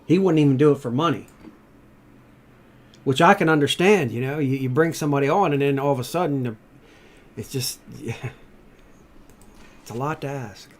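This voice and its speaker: A man's voice: medium pitch, moderate pace, long pauses. A middle-aged man chatting casually, telling rambling stories, swearing freely. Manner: storytelling, swearing freely, rising loud when excited. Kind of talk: casual chat.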